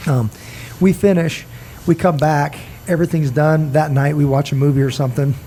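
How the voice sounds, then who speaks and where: A middle-aged man with a mellow, warm voice tells a long, rambling story to friends on a podcast. He is earnest and drops into little bits of quoted dialogue as he goes. A faint noise sits under the recording. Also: a little high, fairly even intonation, moderate pace. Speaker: podcast host. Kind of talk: casual storytelling chat.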